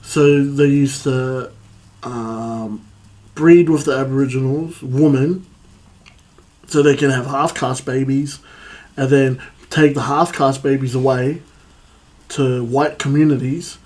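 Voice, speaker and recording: A man's voice: medium pitch, steady tone, slow pace, long pauses, a little mellow. An Australian man co-hosting a podcast, talking casually in a rambling way with many hesitations. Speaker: podcast co-host. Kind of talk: casual chat.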